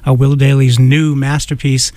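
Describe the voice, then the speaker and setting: A man hosting a radio show in a studio, easygoing, leading with gentle prompts. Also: medium pitch, little pitch movement, moderate pace, no room sound. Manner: easygoing, with short murmured replies and gentle prompts. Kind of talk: radio interview.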